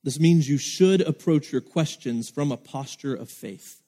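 A man preaching with earnest emphasis and a slightly high voice. His words ring out with a long reverb, as in a church hall. He acts out quoted lines as he goes. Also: a little slow, mellow. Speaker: pastor. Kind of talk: sermon.

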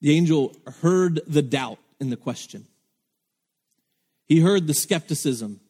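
A man preaching with earnest emphasis and a slightly high voice. His words ring out with a long reverb, as in a church hall. He acts out quoted lines as he goes. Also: expressive, a little slow, mellow, husky. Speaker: pastor. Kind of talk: sermon.

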